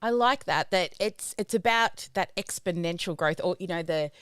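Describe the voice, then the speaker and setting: A woman's voice: fairly low pitch, moderate pace, a bit bright, smooth, no room sound, studio quality. A woman hosting a live podcast, chatting casually and affirming her guest. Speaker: podcast host.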